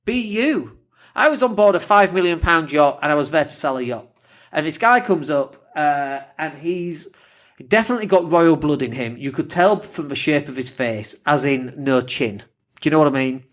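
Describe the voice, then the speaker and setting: A man's voice: a little high, animated, moderate pace, a bit bright. A man with a northern English accent and a slight lisp, hosting a casual solo podcast, blunt and swearing freely. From northern England. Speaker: podcast host.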